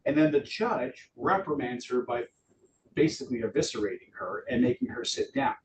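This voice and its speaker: A middle-aged man giving a lively live training talk to realtors in an office, acting out quotes in voices. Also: mid-range voice, normal speed. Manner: animated, acts out quotes in voices. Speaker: real estate trainer. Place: office meeting room. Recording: distant room mic with background noise.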